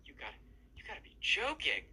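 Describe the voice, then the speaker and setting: A man's voice: fairly high pitch, wildly swooping pitch, fairly quick, pushed and bright, a little hiss or hum, voice pushed up, full character voice. Man doing a baffled teenage boy. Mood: exasperated. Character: bewildered teenage boy at camp.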